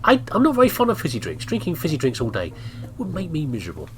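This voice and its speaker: A man's voice: a little high, wildly swooping pitch, fast talker, a bit bright, slight background noise. A man hosting a gameplay video, chatting casually and rambling through his commentary with frequent laughs. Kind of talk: casual let's-play commentary.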